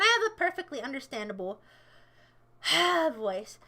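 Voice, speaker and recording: A woman with an American accent, her voice pitched very high and sounding bright and sharp. She chats casually on a livestream, rambling along and scolding her chat with sarcasm. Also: very animated, unhurried.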